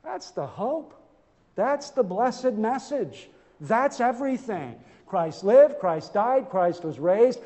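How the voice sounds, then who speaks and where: A high-pitched man preaches an earnest, emphatic sermon, stumbling over repeated words as he presses each point. His voice rings through a church sanctuary with a long trailing reverb. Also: big pitch swings, slow pace, dark tone. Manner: earnest, emphatic, with frequent stammered restarts.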